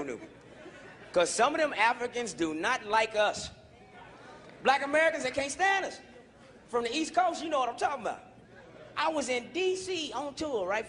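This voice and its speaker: A male stand-up comedian on stage, profane and animated, shouting his punchlines. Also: high voice, a little hiss or hum. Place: comedy stage before a live audience. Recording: live show with loud crowd laughter.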